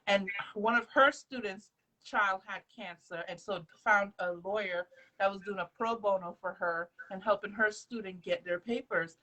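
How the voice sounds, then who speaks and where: A woman's voice: medium pitch, fairly even intonation, moderate pace, pushed and bright, poor audio. Emphatic woman from Trinidad. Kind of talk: casual faith conversation.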